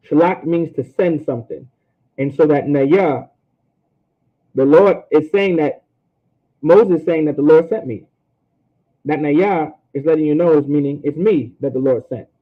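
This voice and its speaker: Man teaching over a tinny line. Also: medium pitch. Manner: casual teaching, repeats points, sounds out words slowly. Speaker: language teacher. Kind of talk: online language class.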